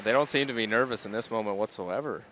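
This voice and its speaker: A man gives calm, explanatory curling commentary in a fairly low voice. The broadcast sound carries a clear layer of arena noise behind him. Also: quick pace. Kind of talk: play-by-play commentary.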